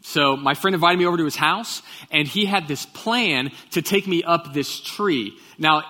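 A man preaching a sermon, opening with a prayer and then telling a childhood story with acted quotes in a relaxed, conversational way. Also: on the high side, moderate pace. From Texas. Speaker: pastor. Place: church sanctuary. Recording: long church hall reverb.

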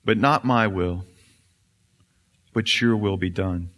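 A man voicing a soft, humble prayer. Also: takes it slowly. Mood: reverent. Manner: soft, lower, reverent. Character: praying man, humble and submissive. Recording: reverberant church hall.

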